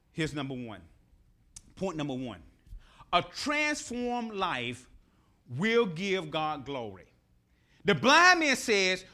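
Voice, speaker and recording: A middle-aged man preaching a sermon, animated and repeating his key phrases. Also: high voice, measured pace. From Nashville, Tennessee.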